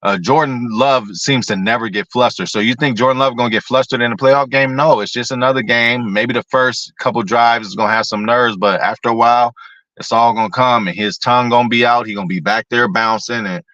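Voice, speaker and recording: A man's voice: medium pitch, fairly even intonation, brisk, pushed and bright, no room sound, lo-fi sound. A man hosting a casual sports talk show, rambling and profane, talking to his viewers by name. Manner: talks to chat viewers by name.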